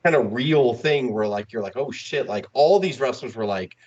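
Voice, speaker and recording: A man co-hosting a podcast in casual chat, retelling a story with lively acted-out quotes. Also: medium pitch, normal speed, highs cut off. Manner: animated storytelling, acting out quotes. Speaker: podcast co-host.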